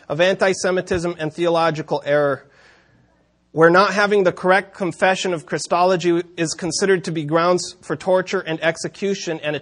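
A man delivers a sermon as a long story, his voice sitting a touch higher than most men's. He drops wry asides and small chuckles as he narrates. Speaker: preacher.

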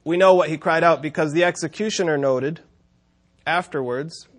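A man delivers a sermon as a long story, his voice sitting a touch higher than most men's. He drops wry asides and small chuckles as he narrates. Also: normal speed. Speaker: preacher.

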